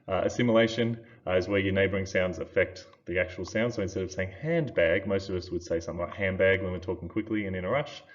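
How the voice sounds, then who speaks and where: A man's voice: low voice, highs cut off. A man teaching a lesson over slides, casual and full of fillers. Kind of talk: recorded lecture over slides.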